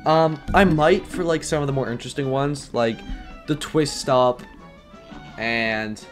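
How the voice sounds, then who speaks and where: A man giving rambling live gameplay commentary, excitable and prone to yelling when things get stressful. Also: mid-range voice, unhurried, faint music behind. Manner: rambling, filler-heavy. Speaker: gaming YouTuber.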